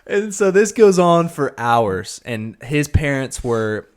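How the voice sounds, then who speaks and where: A man's voice: mid-range voice, slow, smooth. A man co-hosting a casual podcast, telling a long story and acting out the people in it. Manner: animated storyteller acting out quotes. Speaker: podcast co-host.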